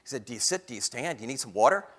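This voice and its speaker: A man giving a lively storytelling talk to an audience, acting out the voices of people in his story. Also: medium pitch, very fast. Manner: animated storyteller acting out quotes. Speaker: guest speaker. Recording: long hall reverb.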